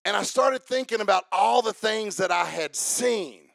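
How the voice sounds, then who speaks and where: A pastor preaching a sermon, folksy and repetitive, asking the congregation for amens and building to rhythmic shouting. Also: male voice, high voice, measured pace, creaky, no room sound, studio quality.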